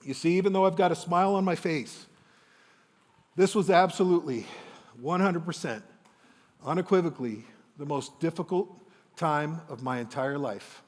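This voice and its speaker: Guy in his 50s giving a keynote, kinda high voice, big hall reverb, slows way down for effect. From Windsor, Ontario, Canada. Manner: dramatic, emotional, with slow weighty pauses. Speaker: motivational speaker. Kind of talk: stage keynote storytelling.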